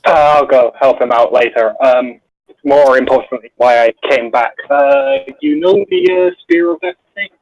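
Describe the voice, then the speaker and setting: Gravelly, hesitant man on a dull mic. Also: mid-range voice, big pitch swings, normal speed, dry recording. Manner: hesitant, full of uh's, sheepish. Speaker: player. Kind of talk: tabletop game chat.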